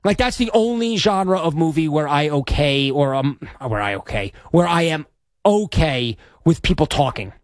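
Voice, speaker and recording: A man with a fairly high voice rambles on as a sports radio host, chatty and self-deprecating. His voice is close and dry, with no room sound around it. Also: lively intonation, moderate pace, no echo. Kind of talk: casual radio chat. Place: radio studio.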